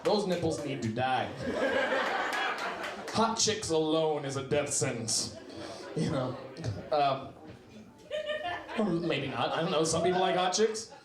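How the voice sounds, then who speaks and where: A man with a high, light voice works through a loose, rambling stand-up set. He breaks into sudden shouted bits. The room rings with echo, and a crowd laughs around him. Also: expressive, a little slow, pauses often. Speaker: stand-up comedian. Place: small comedy club. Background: audience laughter.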